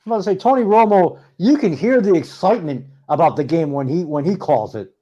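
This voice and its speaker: Higher male co-host with a mellow, animated voice on dull lo-fi audio, sports banter. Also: brisk. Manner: lively, emphatic interjections. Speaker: podcast co-host. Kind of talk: casual sports chat.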